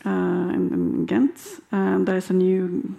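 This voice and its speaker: A woman speaking hesitantly as a panel participant, halting often as she thinks aloud. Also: lowish voice, steady tone, vocal fry, dark tone. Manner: halting, many fillers and restarts. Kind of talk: hesitant conversational remarks.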